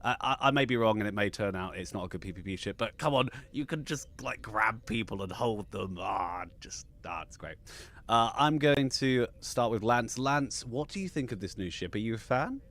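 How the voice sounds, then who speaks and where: A man hosting a casual live stream, excitable and stammering through restarts as he shares his views. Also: lowish voice, normal speed. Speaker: podcast host.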